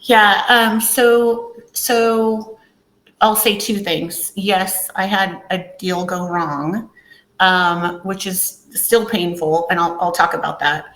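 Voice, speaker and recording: A woman's voice: mid-range voice, fairly even intonation, slow, fairly bright tone. A woman guest on a podcast, talking candidly and telling her story with acted-out quotes. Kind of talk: casual interview talk. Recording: echoey room.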